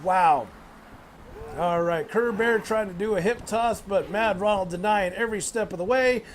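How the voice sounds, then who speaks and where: A young man giving excitable play-by-play wrestling commentary, swearing, laughing and bursting into loud exclamations. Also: sits high, normal speed. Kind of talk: play-by-play commentary on a video game wrestling match.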